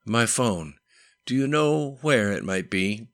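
A man's voice: on the low side, animated, takes it slowly, no room sound, voice pushed up. A man reading as a dry, wry patient.

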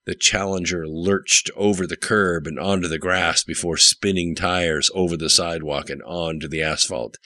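A man narrating an audiobook in a steady, matter-of-fact storytelling manner. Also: low voice, dry recording. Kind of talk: scripted narration.

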